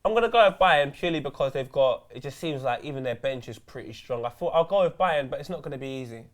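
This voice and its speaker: A young man co-hosting a casual football chat, full of animated slangy banter. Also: medium pitch, fast talker. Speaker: co-host.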